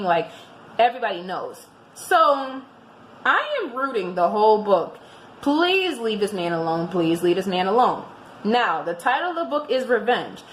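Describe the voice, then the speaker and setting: Woman, casual book-review vlogger, chatty, a bit high and very animated, recorded in an echoey room. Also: a little hiss or hum. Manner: chatty and expressive, restarts often. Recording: roomy echoing room.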